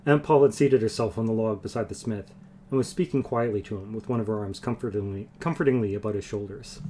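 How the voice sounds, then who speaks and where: A man's voice: lowish voice, fast talker, warm tone. Guy reading a fantasy book on stream, earnest, bit of hum. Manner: earnest, easygoing between chapters. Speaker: reader. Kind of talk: reading a novel aloud on a livestream.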